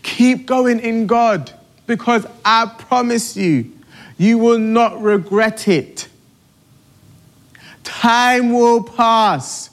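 A man's voice: very high voice, extremely slow. A middle-aged man preaching a sermon with emphatic, repetitive exhortation.

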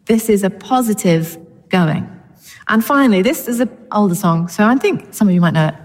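A woman's voice: mid-range voice, lively intonation, moderate pace, a little mellow, big-room sound. A woman preaching a sermon in a church, chatty and informal with touches of humour. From Britain.

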